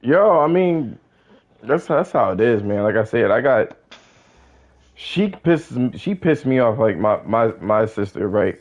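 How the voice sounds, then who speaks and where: A man's voice: mid-range voice, big pitch swings, measured pace. A man co-hosting a podcast, chatting casually with laid-back, profane banter. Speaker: podcast co-host. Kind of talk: casual chat.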